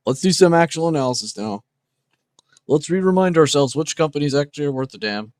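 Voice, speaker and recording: A man's voice: on the high side, animated, a little fast, darkish tone, no echo. A young man hosting a trading livestream, chatting casually and enthusiastically with viewers, swearing freely. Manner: casual, profane, enthusiastic, reacting to chat.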